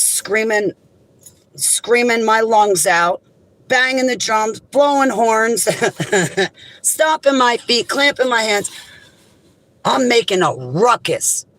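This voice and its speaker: A woman speaking straight to her viewers in an impassioned, emphatic monologue. Her indignation comes through in raised outbursts that drop into low, heavy lines. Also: expressive, takes it slowly, a bit bright, rough recording. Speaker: vlogger. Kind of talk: direct-to-camera monologue.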